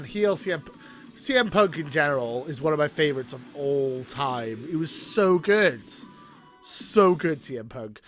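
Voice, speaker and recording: A young man with a slightly high voice rambles through a live watchalong, chatty and excitable, reacting as he goes. Faint music plays behind him. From Wales. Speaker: streamer. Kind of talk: casual live watchalong commentary.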